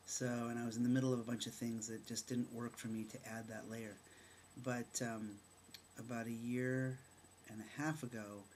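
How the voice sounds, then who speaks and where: Frank, animated middle-aged man storytelling. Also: medium pitch, slight background noise. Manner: frank and animated, acts out remembered dialogue; halting, with many fillers and restarts. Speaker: storyteller sharing his own experience. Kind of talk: candid personal storytelling.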